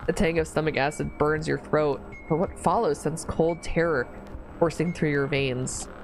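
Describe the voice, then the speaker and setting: A woman streamer reading a horror visual novel aloud, slow narration broken by squealing, disgusted reactions. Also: sits low, fairly even intonation, poor audio. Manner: reads narration slowly, then breaks into squealing disgusted reactions and laughs. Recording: faint music behind the voice.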